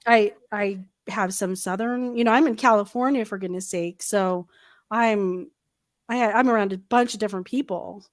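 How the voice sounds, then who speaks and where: A woman's voice: medium pitch, dry recording. Woman, from the Los Angeles area, teasing, livestream co-host, dry close mic. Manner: bubbly, teasing, quick to laugh. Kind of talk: casual livestream chat.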